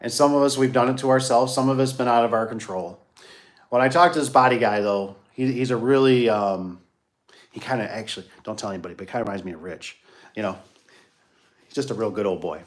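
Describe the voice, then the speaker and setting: Male business owner, casual vlog ramble, folksy and repetitive, mid-pitched. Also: fast talker. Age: adult, grew up locally. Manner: rambling, repeats himself, folksy asides. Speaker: garage door business owner. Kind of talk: casual rambling monologue to viewers.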